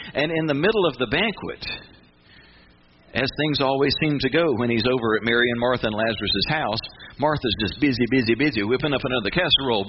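A male pastor preaching in a folksy, conversational way that turns emphatic. His voice sits in an ordinary middle register. The recording sounds dull and muffled, with a steady hiss underneath. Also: mid-range voice. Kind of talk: sermon.

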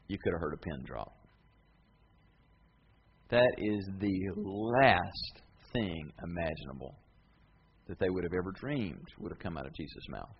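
A man's voice: deep voice, expressive, a little slow, pauses often, breathy edge, muffled recording. A man pastor preaching a sermon, retelling scenes in a colloquial, dramatic storytelling way.

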